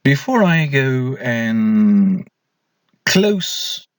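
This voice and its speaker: A man's voice: mid-range voice, big pitch swings, drawn-out words, no room sound. A man giving a recorded slide lecture as an English lecturer, posing questions to students and then answering them himself.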